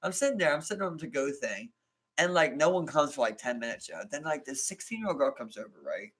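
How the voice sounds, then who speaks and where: A man's voice: on the high side, fast talker, slightly rough. A man with a Baltimore accent, co-hosting a casual podcast chat, telling stories in slang and acting out the people in them. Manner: animated storyteller, slangy, acts out quotes. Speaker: podcast co-host.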